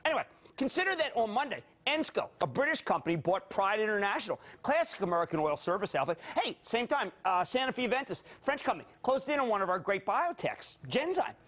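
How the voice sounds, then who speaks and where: A man in his fifties with a Philadelphia accent, hosting a high-energy financial TV show, theatrical and given to sudden shouts and quick jokey asides. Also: sing-song. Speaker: TV market commentator.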